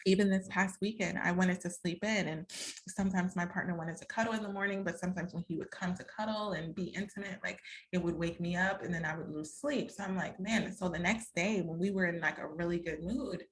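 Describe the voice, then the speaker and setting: A woman's voice: lowish voice, fairly even intonation, fairly quick, a little hiss or hum. A woman hosting a podcast, giving relationship advice in a candid, conversational way and acting out the lines she quotes. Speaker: podcast host and relationship coach. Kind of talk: casual advice talk.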